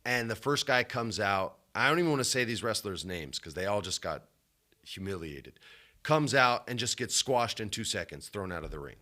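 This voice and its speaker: Animated man telling a wrestling story. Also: normal speed. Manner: animated storytelling, swings from loud to low. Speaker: podcast co-host. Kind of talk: casual chat.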